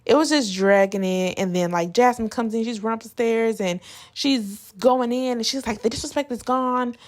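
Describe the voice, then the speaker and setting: A woman's voice: a little high, normal speed, a little mellow. A woman vlogger giving a casual, opinionated recap of a reality show, chatty and blunt with plenty of slang.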